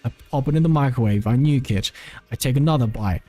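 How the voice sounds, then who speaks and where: A man's voice: medium pitch, fast, mellow, no room sound. A man streaming and chatting casually, rambling with lots of "like" and frequent self-corrections. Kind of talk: casual live-stream chat.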